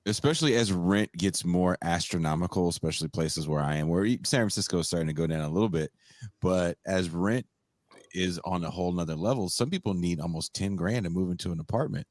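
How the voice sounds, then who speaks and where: A laid-back man hosting a podcast, chatting loosely and swearing freely. His voice sits very low. The sound is dry and close, with no room around it. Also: a little fast, a little mellow, dry recording. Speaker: podcast host. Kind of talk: casual chat.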